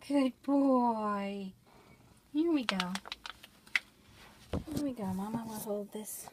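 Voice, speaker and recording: A woman filming at home on a handheld camera, coaxing her cat in a high sing-song pet voice. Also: slow, background noise. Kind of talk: home video, talking to a pet.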